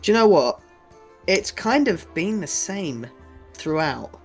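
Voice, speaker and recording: A young man with a British accent chats loosely as co-host, wandering through his thoughts with casual swearing and easy laughs. His voice sits a little high, and soft music plays faintly behind him. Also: sing-song, slow pace. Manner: rambling, chatty, swears casually, laughs often. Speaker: podcast co-host. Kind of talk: casual chat.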